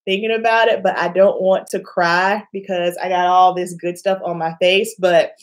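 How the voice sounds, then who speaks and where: A woman's voice: lowish voice, normal speed. A young woman telling a personal story to camera in a casual vlog, acting out the voices of the people in it. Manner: animated, acts out quoted voices, laughs often. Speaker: beauty vlogger.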